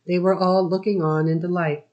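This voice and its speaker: A woman reading a novel aloud as an audiobook narrator, measured and steady. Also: lowish voice, highs cut off. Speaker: audiobook reader. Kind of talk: scripted narration.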